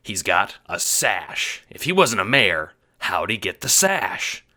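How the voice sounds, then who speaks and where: Male narrator doing a gruff, brash ex-lawman for an audio drama, loud and forceful. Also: lowish voice, very animated, slow pace, pitched above the performer's own voice, full character voice. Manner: brash, blustering.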